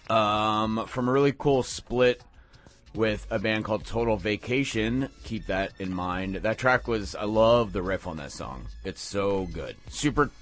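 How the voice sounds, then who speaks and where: A man's voice: on the low side, a bit bright. A man filling in as a late-night radio DJ, chatting casually about punk records with rambling, enthusiastic tangents. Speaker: guest radio DJ.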